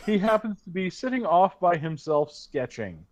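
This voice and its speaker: Lively, playful male game master. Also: sits high, moderate pace. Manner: playful, laughing, explanatory. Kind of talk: narrating a tabletop role-playing game.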